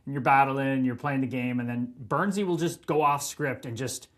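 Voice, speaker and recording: A man in his thirties, a hockey player telling stories on a podcast, animated, swearing and laughing as he goes. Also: mid-range voice, normal speed. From Canada. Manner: animated, profane, laughing storyteller. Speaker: guest, pro hockey player. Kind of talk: casual podcast storytelling.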